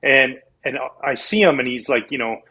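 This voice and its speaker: A man from Canada, a former professional pitcher, telling animated, rambling stories as a guest in a casual interview. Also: normal speed, breathy edge, low-quality recording. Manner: animated, rambling with restarts and laughs.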